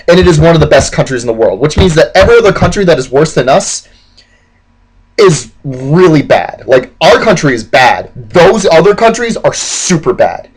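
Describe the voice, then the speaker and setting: A man's voice: on the high side, husky, low-quality recording. A man telling history as casual, profane comedy, rambling and saying "like" constantly. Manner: rambling, profane, heavy use of "like".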